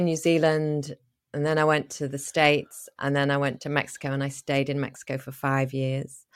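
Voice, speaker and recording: Woman guest, 40s, low pitch, candid and lively. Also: clean tone. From England. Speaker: guest, midlife mentor and author.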